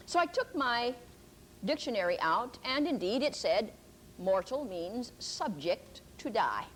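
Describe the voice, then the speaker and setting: An older woman giving a Christian teaching talk, telling a personal story earnestly, with pauses and restarts. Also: mid-range voice, slight background noise, low-quality recording.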